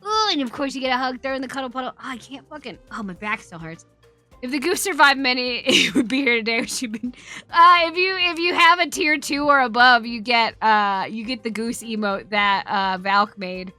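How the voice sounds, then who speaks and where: A woman's voice: a little high, moderate pace, bright, forceful tone, soft background music. A woman streamer telling a story in casual chat, talking freely, swearing often and laughing as she goes.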